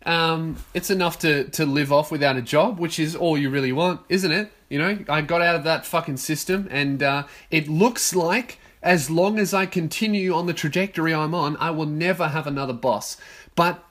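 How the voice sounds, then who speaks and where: Young male podcaster, somewhat high voice, profane, rambling, self-amused. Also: moderate pace, a bit bright. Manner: profane, rambling, laughs at own jokes. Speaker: podcast host. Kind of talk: casual solo podcast rant.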